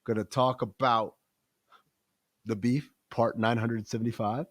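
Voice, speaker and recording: A man hosting a casual podcast, talking loudly and animatedly with plenty of profanity. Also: medium pitch, fairly even intonation, unhurried, dry recording, clean studio sound. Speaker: podcast host.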